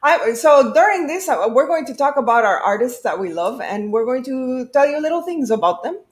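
A woman's voice: sits high, big pitch swings, a little fast, echoey room. A woman playing a flamboyant female painter in a put-on Spanish-flavored accent, theatrical and sprinkling in Spanish words. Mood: dramatic, proud. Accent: put-on Spanish-flavored English.

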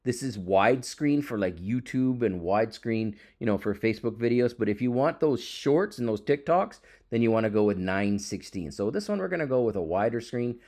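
A man hosting a software tutorial, talking casually and with big enthusiasm as he clicks through the screen. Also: mid-range voice, animated, moderate pace, hardly any pauses. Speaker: tech YouTube host.

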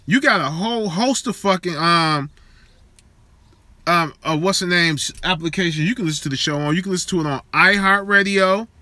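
Profane, bright-voiced man. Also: sits high, no room sound. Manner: profane, streetwise, talks straight to viewers. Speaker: live show host. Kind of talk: casual live-stream chat with viewers.

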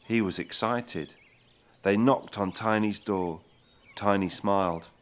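A man reading his own children's storybook aloud in a deliberate, expressive way. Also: fairly low pitch. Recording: noisy background hiss.

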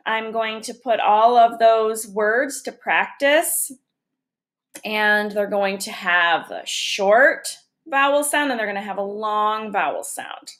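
A woman's voice: mid-range voice, a bit bright. A woman teacher giving a recorded phonics lesson to young children, patiently sounding out letters and syllables one by one.

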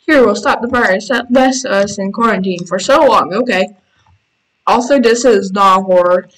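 A woman hosting a gaming channel, giving excitable casual commentary while playing and reading game text aloud, squealing when panicked. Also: medium pitch, normal speed, rough recording. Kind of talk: casual let's-play commentary.

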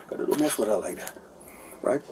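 On an officer's body camera, a man in his forties rambles heatedly at police, repeating himself and asking them to agree. His voice is fairly low and mellow, animated and a little fast. The audio sounds distant, with faint background noise.

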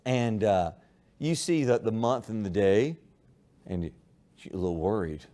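A male high school history teacher giving a classroom lecture, telling a playful story and calling on students by name. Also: a little slow, dark tone. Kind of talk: classroom lecture with humorous illustration.

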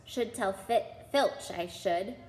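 A woman's voice: mid-range voice, slow, a little mellow, close to an everyday voice. A woman voicing a mischievous male poltergeist in a storybook reading, with a sing-song, taunting manner. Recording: roomy with long reverb.

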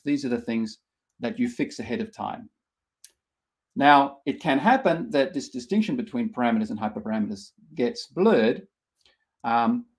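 A middle-aged man leads a live online workshop, explaining ideas patiently and step by step. His voice has a gravelly edge and sits at an ordinary middle pitch for a man. He trips over his words often, backing up and restarting his sentences as he thinks aloud. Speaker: workshop instructor.

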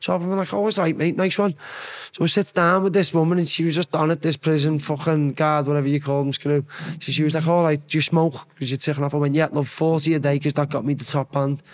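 A man's voice: fairly high pitch, little pitch movement, fast. Sweary Scouse man telling stories. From Liverpool. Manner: sweary, rambling anecdotes with acted-out quotes. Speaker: podcast guest. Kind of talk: casual storytelling chat.

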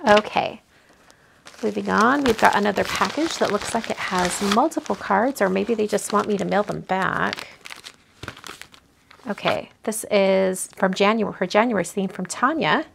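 There's background noise behind this woman's creaky, mid-range voice, which moves at normal speed. She runs a card-making livestream and chats casually while opening mail from viewers, gushing and thinking aloud with many fillers.

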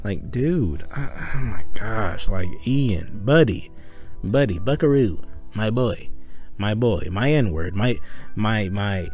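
A man's voice: on the low side, takes it slowly, a little mellow, husky, faint music behind. A man giving rambling, mocking commentary in a casual, profane way, breaking off to laugh. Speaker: commentary video host.

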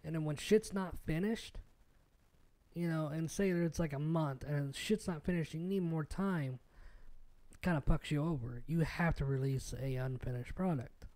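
Young dude ranting solo on his podcast, swears a lot, kinda high and mellow voice. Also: moderate pace. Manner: rambling and profane, with many fillers and restarts. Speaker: podcast host. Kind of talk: casual solo podcast rant.

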